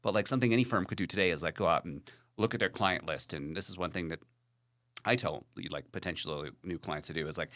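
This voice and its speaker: A man's voice: low voice, quick pace, a bit bright. A man hosting a podcast in casual chat, frank and rambling, full of "like" and "you know".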